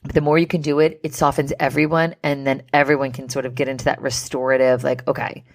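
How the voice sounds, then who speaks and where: A woman with a low-pitched voice talks through relationship advice in a relaxed, conversational way. She peppers her speech with "like" and asks "right?" often, sounding like a podcast host speaking straight to her listener. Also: fast talker. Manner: conversational, many "like" and "right?" fillers. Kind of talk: casual advice talk.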